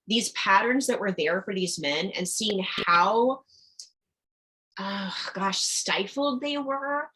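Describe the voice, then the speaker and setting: A middle-aged woman coach talking in a podcast interview, enthusiastic and animated, often acting out what people said. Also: mid-range voice, low-quality recording. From Midwestern United States. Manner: animated, enthusiastic, acts out quotes. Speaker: communication coach, guest.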